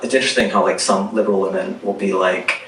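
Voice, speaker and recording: A man's voice: low voice, steady tone, fast talker, very noisy. A male stand-up comedian who keeps slipping into mocking impressions of other people. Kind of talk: stand-up set. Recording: roomy, distant mic in a loud club.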